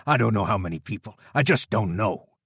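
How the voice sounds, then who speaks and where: A man's voice: on the low side, lively intonation, a little fast, slightly rough, no echo, clean studio sound, exaggerated voice. A man voicing a big crude brute who turns to blubbering pleas, in an audiobook. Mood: begging. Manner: loud and crude, pleading tearfully.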